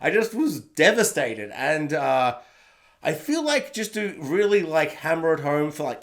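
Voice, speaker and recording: A man's voice: on the high side, vocal fry, fairly bright tone. A man reviewing a TV episode at home, rambling casually and laughing often at himself. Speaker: TV review vlogger. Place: home room. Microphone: own camera setup.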